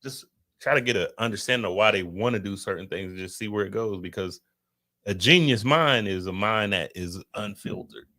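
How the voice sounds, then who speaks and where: A man's voice: on the low side, fairly quick, bright, forceful tone. A man with kids co-hosting a podcast, talking loosely and profanely and preaching straight at his viewers. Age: adult with children. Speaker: podcast co-host. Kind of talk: casual podcast chat.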